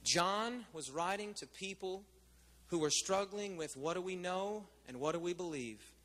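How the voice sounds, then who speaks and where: A man preaches in a high, ringing voice. He talks with his congregation as much as to them and keeps checking that they follow. His sermon echoes around a large hall. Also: measured pace, a bit bright. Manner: conversational preaching, asks the crowd questions. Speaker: pastor.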